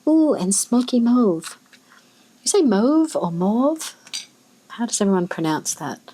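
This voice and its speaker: Soft-spoken Australian woman with a husky voice. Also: mid-range voice, sing-song, unhurried, rough recording. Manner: soft, musing, thinking aloud, exclaiming over colors. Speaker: ink swatching vlogger. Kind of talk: casual chat while swatching.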